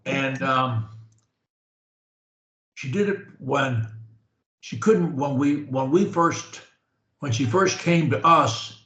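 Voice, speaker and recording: Slow-talking male speech coach, roomy. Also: mid-range voice, highs cut off, slight background noise. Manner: slow, drawn-out speech that holds a steady tone. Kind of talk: coaching conversation.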